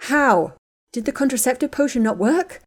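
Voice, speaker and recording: A woman's voice: medium pitch, normal speed, mellow, close to an everyday voice. A woman reading a story aloud and voicing a worried young woman who urgently comforts a friend. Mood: anxious. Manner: urgent, then soothing and firm. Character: young woman, anxious but steadying her friend.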